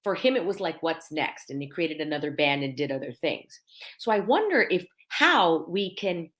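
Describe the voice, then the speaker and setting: A middle-aged woman hosts a live podcast in an animated, swinging voice. She keeps circling back to the same lines for emphasis. A light laugh slips in now and then as she talks. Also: medium pitch. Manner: animated, repeats phrases for emphasis. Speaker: podcast host.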